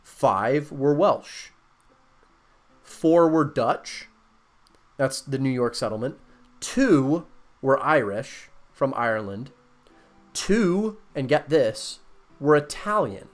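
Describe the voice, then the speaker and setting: A man's voice: medium pitch, animated, slow pace, pauses often. A man hosting a casual conversation, explaining and reading out facts with many fillers and restarts.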